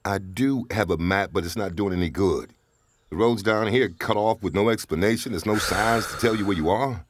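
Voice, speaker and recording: A man's voice: lowish voice, moderate pace, no room sound, close to an everyday voice. An actor playing a stranded, wary man who pleads and panics, in an audio drama. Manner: jittery, pleading, bursts into yelling for help. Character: stranded wary man from Detroit, rattled, talkative. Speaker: stranded traveler.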